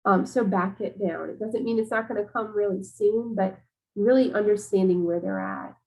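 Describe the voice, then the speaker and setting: A woman giving a teacher training session in a relaxed, conversational way, with frequent "um"s and "you know"s. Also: mid-range voice, normal speed, rough recording. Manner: casual, conversational, many fillers. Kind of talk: professional development webinar talk.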